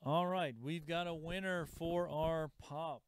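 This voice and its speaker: A man's voice: a little high, steady tone, slow, clear, resonant tone. A man hosting a live sales stream from a comic shop. He chats casually, reads out viewer comments and calls out prices.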